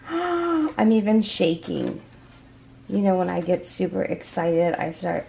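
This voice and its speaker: Slow-talking woman gushing over an unboxing. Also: on the low side, gravelly. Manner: excited and gushing, with fillers and restarts. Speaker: crochet vlogger. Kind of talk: casual unboxing chat. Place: at home.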